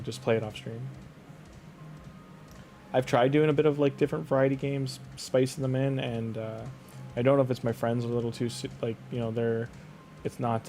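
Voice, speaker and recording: A slightly mellow, mid-range male voice belongs to a young Canadian man with a Canadian accent, chatting casually on a game stream with slight background noise. He tends to ramble, fills his speech with "like," and frequently restarts what he's saying.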